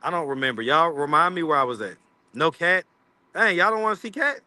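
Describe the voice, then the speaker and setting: A man's voice: fairly high pitch, very animated, fairly quick, pushed and bright, no echo. A man hosting a casual livestream chat, rambling and teasing his viewers. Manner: rambling, teasing, laughs often. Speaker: street interview channel host.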